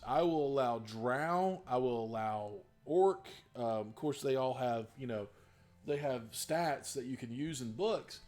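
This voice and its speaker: Rambling dungeon master, faint West Virginia twang. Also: male voice, mid-range voice, darkish tone. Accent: faded Southern West Virginia. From Southern West Virginia. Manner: rambling, many fillers and restarts, easygoing. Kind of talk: casual Q&A talk.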